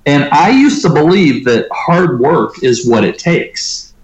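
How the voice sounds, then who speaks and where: A man's voice: a little high, slow, muffled recording. Storytelling man in a roomy echo. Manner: animated storyteller who acts out quoted dialogue. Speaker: interview guest, entrepreneur. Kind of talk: storytelling in a conversational interview.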